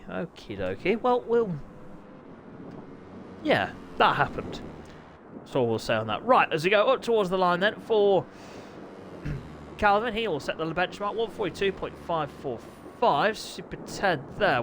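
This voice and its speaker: A man hosts and commentates a racing game stream from his desk mic, joking with his riders. His voice sits high and leaps wildly, spiking into yelps when something happens on track. A faint background hiss runs under the recording. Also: unhurried. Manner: excitable, jokey, bursts into yelps and laughter. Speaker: race league host and streamer. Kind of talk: live race commentary and chat.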